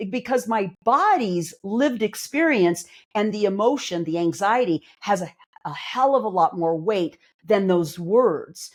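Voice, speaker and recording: A woman's voice: mid-range voice, expressive, unhurried. A woman clinical psychologist and life coach, explaining ideas earnestly in a casual podcast conversation, with emphatic, everyday examples.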